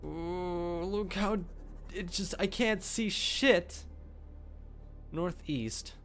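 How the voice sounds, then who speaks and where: A streamer reacts live to a game, swearing constantly and talking extremely slowly. When startled, his voice jumps up to squeaky highs.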